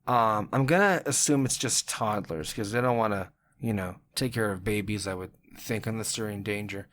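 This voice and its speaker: Man, podcast host, casual chat, animated, cusses a lot. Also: fairly low pitch, moderate pace. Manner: animated, swears freely, laughs often.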